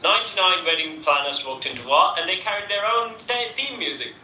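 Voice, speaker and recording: A man's voice: sits high, expressive, brisk, sharp tone, a little hiss or hum. A man telling improvised jokes, recorded from a distance in an echoey room through a dull mic. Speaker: improv player.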